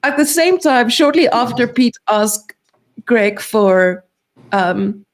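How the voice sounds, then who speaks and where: Woman, co-host, casual, quick, filler-heavy. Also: fairly high pitch, animated. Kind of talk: casual chat.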